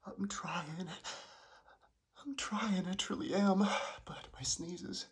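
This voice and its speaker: A woman playing an allergic young woman hiding in a closet, speaking in a hushed, pleading, strained whispered role-play. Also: fairly low pitch, takes it slowly. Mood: tense.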